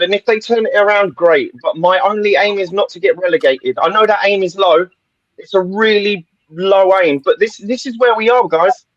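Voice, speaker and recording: A man's voice: high voice, normal speed, no echo, muffled recording. A man giving blunt opinions in a casual football podcast chat, laughing often. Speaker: podcast panelist.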